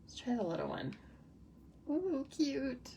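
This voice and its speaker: A woman hosting a live card-making demo, chatting casually and excitedly with viewers as she works. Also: high voice, slow, creaky. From United States. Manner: chatty and bubbly, reacts to comments, frequent laughs. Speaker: stamping demonstrator hosting a live stream. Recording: somewhat distant mic with faint noise.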